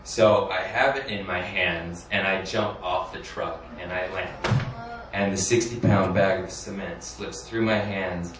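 A man's voice: sits low, steady tone, a little slow, a bit bright. A man doing stand-up, telling a rambling, crude, self-deprecating story and chuckling through his lines. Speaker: stand-up comedian. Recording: echoey room from a distance, noisy.

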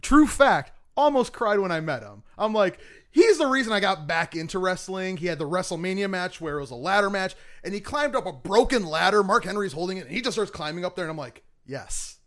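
A man co-hosting a casual podcast chat, telling stories with animated acted-out quotes. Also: high-pitched, a little fast. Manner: animated storyteller, acts out quotes. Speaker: podcast co-host.

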